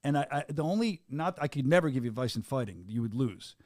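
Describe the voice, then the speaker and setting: A man hosting a podcast interview, talking fast and excitably in a casual chat from a studio booth. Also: medium pitch, no room sound. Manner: fast, excitable and upbeat, with frequent restarts. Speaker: podcast host interviewing a fighter.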